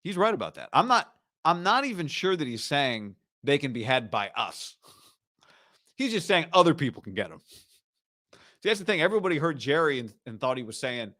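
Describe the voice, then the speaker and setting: A man's voice: fairly high pitch, big pitch swings, normal speed, bright, forceful tone, no echo, clean studio sound. A man hosting a sports talk show, giving casual, emphatic commentary and repeating lines for punch.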